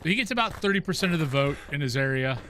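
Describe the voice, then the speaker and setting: Guy streaming games, rambles to chat, kinda bright high-ish voice, faint hum behind. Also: lively intonation, fast talker. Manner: rambling, talks to chat and to the game's ghost. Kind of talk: casual chat with stream viewers while gaming.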